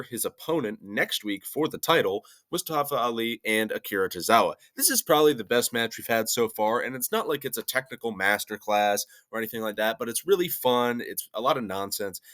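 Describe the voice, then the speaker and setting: Bright-voiced man reviewing wrestling. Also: mid-range voice. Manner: joking, laughs between remarks. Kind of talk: casual review commentary.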